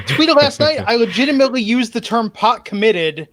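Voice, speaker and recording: A man hosting a podcast, quickly recapping a show and getting lively when he's excited. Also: very high-pitched. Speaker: podcast host.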